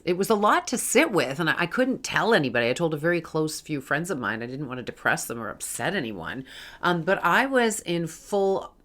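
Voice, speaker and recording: A woman talking earnestly to her viewers in a casual spiritual vlog, reassuring them and calling them her friends. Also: sits low. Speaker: spiritual vlogger. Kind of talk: casual spiritual talk to camera.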